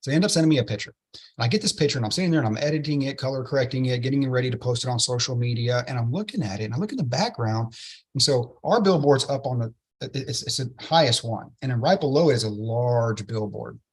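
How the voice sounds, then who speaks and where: A man, an interview guest telling a story with excitement and many "right?" tag questions. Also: medium pitch, fast talker, slightly rough. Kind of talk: enthusiastic storytelling in a podcast interview.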